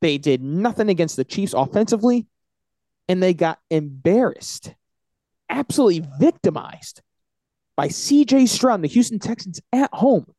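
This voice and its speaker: Animated man hyping football picks. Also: high-pitched, normal speed, no room sound. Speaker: podcast co-host. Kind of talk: casual sports picks chat.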